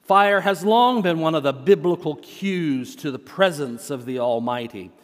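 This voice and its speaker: A male senior pastor preaching a sermon. He opens with a humorous story, told in a deliberate way. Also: a little high, lively intonation. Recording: long church hall reverb.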